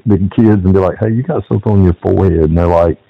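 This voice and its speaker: A man's voice: low-pitched, quick pace, vocal fry, dry recording. A man hosting a casual interview, a football coach who laughs along and tells short stories of his own. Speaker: podcast host, football coach. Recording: dull lo-fi dry sound.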